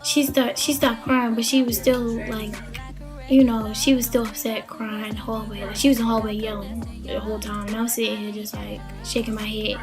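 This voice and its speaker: A woman's voice: on the high side, level tone, normal speed, over music. A young woman from the Baltimore area casually telling a story, chatty and rambling with lots of fillers. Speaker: vlogger.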